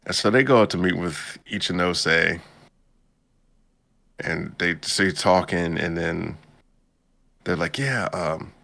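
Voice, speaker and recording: A man with a very low voice talks through an anime episode on a casual podcast. His tone is gravelly and relaxed, and his speech is full of slang as he acts out the characters' lines. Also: takes it slowly, pauses often. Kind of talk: casual chat.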